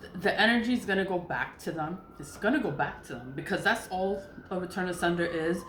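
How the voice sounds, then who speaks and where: Low-voiced woman chatting casually. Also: expressive, a little fast, fairly bright tone, slight background noise. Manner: chatty, swears freely, laughs often. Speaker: vlogger. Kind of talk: casual spiritual vlog chat. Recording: echoey room with faint ambience.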